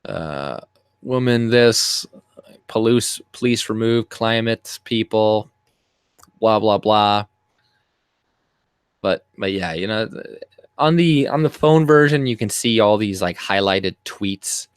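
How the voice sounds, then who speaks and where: A man's voice: lowish voice, lively intonation, takes it slowly, pauses often, clean tone, dry recording. Profane, scornful man ranting. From Canada. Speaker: commentary vlogger. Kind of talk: ranting screen-share commentary.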